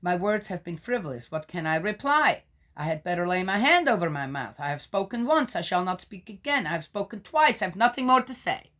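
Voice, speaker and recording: Woman, low-ish voice, scripture reader who argues with the text, loud readings, muttered asides. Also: big pitch swings, fairly quick. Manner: interrupts herself with doubting, argumentative remarks. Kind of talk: reading aloud with skeptical asides.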